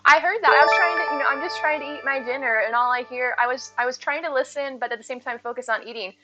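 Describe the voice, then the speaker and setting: A woman's voice: on the high side, fairly even intonation, quick pace, bright, forceful tone. A woman game streamer chatting casually with her live viewers, laughing often, on slightly dull audio with faint music.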